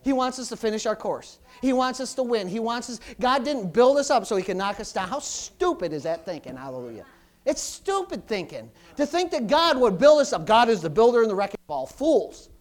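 A middle-aged man, preaching a sermon with call-and-response, repeated hallelujahs, and swings from loud exclamations to soft asides. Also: very high-pitched, sing-song, fairly quick.

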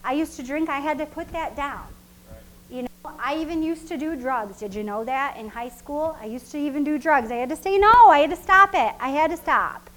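A woman with a high, fairly bright voice preaches a sermon a little fast, keeping it casual and conversational, repeating her points and often breaking into laughter. The recording is rough.

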